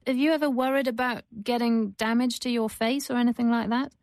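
A woman presenting and narrating a radio documentary and interviewing its guest, with a measured, composed delivery. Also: on the high side, fairly even intonation, darkish tone, no echo.

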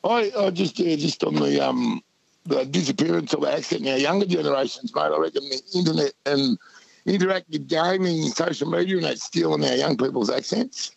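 Aussie bloke ringing a radio show, real gravelly husky voice, rambles a bit, dry line. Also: male voice, fairly high pitch, fairly quick, no room sound, highs cut off. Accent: Australian. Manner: laid-back, rambling with fillers. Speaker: caller.

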